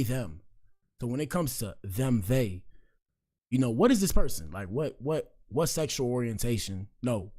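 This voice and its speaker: A man's voice: mid-range voice, a little mellow. Guy on a stream reading comments, slangy and jokey, talks right to chat. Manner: slangy, joking, talks straight to viewers. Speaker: livestream commentary host.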